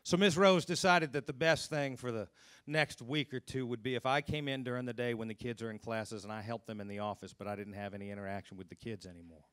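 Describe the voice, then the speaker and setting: A man's voice: steady tone, fast talker, no echo. Earnest male storyteller, dry close sound. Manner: earnest, drops to hushed low tones at grim moments. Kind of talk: live stage storytelling. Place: stage at a live storytelling event.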